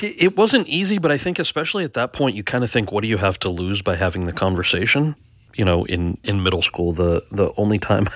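A man's voice: low voice, dry recording, studio quality. A man, an actor and author, recounting his experiences in a reflective interview, often repeating words as he talks. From United States. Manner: reflective, stammers and repeats words, animated quoting. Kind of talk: storytelling interview.

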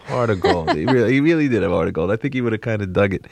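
Gravelly-voiced rambling comedian man. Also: fairly low pitch, rapid-fire, dry recording. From New Jersey. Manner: rambling, excitable, lots of laughs and restarts. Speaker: comedian guest. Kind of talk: casual interview chat.

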